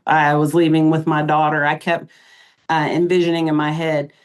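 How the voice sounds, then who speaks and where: A middle-aged woman appears as a podcast guest, recounting events in an emotional interview. Her deep voice shows little pitch movement, and she speaks haltingly with many pauses and fillers.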